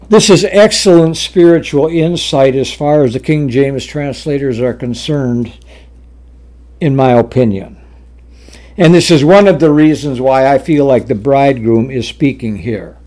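A man preaching a sermon, reading scripture aloud and explaining it deliberately with frequent fillers and restarts. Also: medium pitch, animated, a little mellow.

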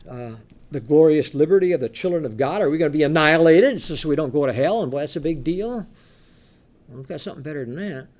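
A male preacher with a slightly high, very animated voice reads scripture in slow, emphatic tones, then drops into low asides. He shifts between loud reading and quieter comments, throwing in rhetorical questions along the way.

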